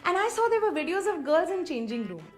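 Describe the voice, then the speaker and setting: Fast-talking woman comic. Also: very high voice, big pitch swings, soft background music. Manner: sarcastic, self-deprecating, rhetorical questions. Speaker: stand-up comedian. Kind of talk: stand-up comedy.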